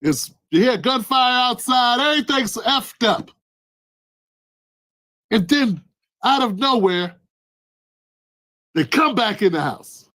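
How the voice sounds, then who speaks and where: A man ranting in a political commentary vlog, animated, acting out scenes with loud exclamations. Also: extremely high pitch, slow pace, pauses often, no room sound, poor audio.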